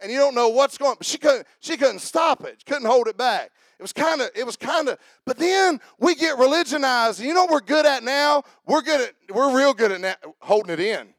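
A man's voice: very high-pitched, lively intonation, fairly quick, few pauses, no room sound. A man preaching a sermon to his congregation, joking and repeating himself as he talks to people in the room by name. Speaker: pastor.

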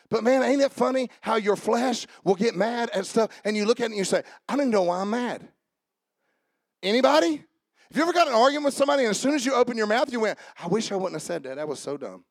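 A man delivers a sermon in a strikingly high voice. He hammers repeated lines and swings from shouted exhortation to hushed, confiding asides. The sound is close and dry. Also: no room sound. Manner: repetitive call-and-response preaching. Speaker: preacher.

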